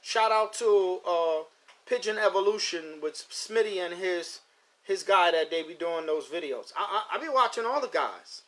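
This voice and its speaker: On a phone or computer mic, a middle-aged pigeon racing show host talks at a moderate pace in a high-pitched, expressive, fairly bright voice. His live-stream chat with viewers is casual, rambling, and repetitive.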